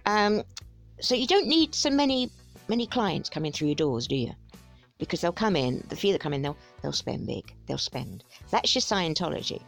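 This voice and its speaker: A woman's voice: lowish voice, sing-song, moderate pace, creaky, soft background music. A woman giving sarcastic, exasperated commentary on a video she is watching, chatty and scornful.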